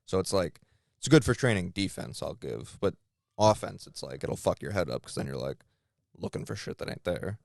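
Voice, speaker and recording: A man's voice: deep voice, very animated, normal speed, vocal fry, a little mellow, dry recording, studio quality. A man co-hosting a podcast, talking in a loose, rambling, profane way with lots of fillers. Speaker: podcast co-host. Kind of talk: casual chat.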